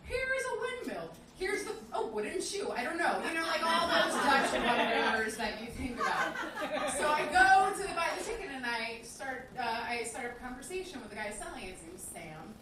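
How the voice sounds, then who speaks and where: High-voiced young woman doing stand-up, echoey. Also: sing-song, brisk, a loud crowd. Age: 20s. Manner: chatty, filler-heavy, self-deprecating. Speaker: stand-up comedian. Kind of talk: stand-up storytelling. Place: comedy club stage. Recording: echoey club from a distance with noise.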